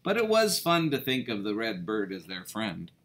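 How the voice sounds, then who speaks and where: A man reading a children's book aloud as a storyteller, expressive and playful. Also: fairly low pitch, moderate pace, noisy background.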